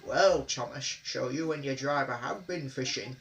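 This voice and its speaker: A man's voice: mid-range voice, moderate pace, a bit bright, recorded from a distance, close to an everyday voice, poor audio. A man voicing a stern but kindly male railway boss, firm and authoritative.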